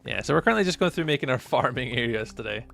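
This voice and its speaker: A man's voice: medium pitch, lively intonation, quick pace, creaky, fairly bright tone, soft background music. A Scottish man chatting casually with viewers while commentating a live game stream. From Scotland. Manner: friendly, chatty, greets viewers by name.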